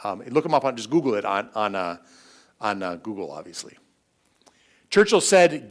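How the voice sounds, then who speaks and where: Middle-aged guy lecturing on history in a church hall, lively, lots of restarts and asides. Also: on the low side. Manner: animated, quick asides and restarts.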